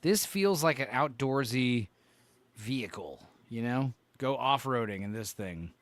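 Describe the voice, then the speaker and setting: A man's voice: medium pitch, lively intonation, measured pace, a bit bright, dry recording. A man hosting a casual podcast chat, swearing freely and reacting offhand to what he's looking at. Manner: profane, offhand, reacting to logos. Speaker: podcast host.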